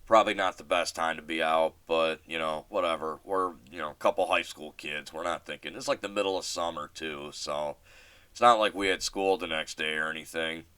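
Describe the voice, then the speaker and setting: A deep-voiced man tells a story on his solo podcast, rambling and restarting, and he swears casually. His voice is smooth and clear, recorded dry and close. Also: steady tone, fairly quick, sharp tone, no room sound. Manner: rambling, many fillers and restarts. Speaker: podcast host.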